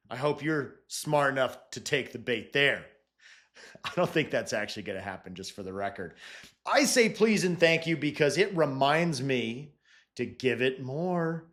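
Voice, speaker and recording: Male presenter, mid pitch, upbeat and playful, big swings from loud lines to quiet asides. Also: expressive, measured pace. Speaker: presenter teaching AI prompting. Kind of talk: upbeat joking talk to an audience.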